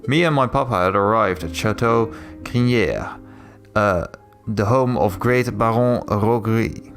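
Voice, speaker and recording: A man voicing a chatty, naive young noblewoman cat in a story game. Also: medium pitch.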